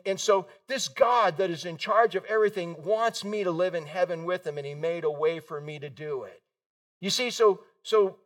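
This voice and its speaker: Animated high-voiced preacher, mic at a distance. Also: male voice. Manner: animated storytelling, acts out quoted voices. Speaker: pastor. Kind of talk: sermon.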